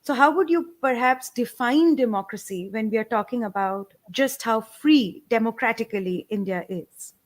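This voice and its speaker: Female interviewer, slightly higher voice, measured questions. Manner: careful, listing questions.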